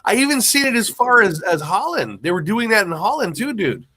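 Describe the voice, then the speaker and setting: A man's voice: high voice, very animated, a little fast, bright, forceful tone, slightly rough. A man hosting a podcast in casual chat, emphatically explaining his guest's talk to the audience.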